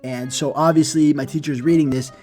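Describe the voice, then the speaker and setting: A young man telling an animated comedy story with fast, profane, exaggerated delivery. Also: fairly high pitch, faint music behind.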